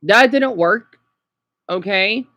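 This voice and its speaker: A man with a high, bright, sharp-edged voice rambles through an unscripted livestream from home. He is upset and worn out, stops and restarts often, and keeps asking "okay?". The sound is close and dry, with no room echo. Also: lo-fi sound. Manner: halting, repeats himself, frequent "okay?" tags. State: upset and exhausted. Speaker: vlogger livestreaming.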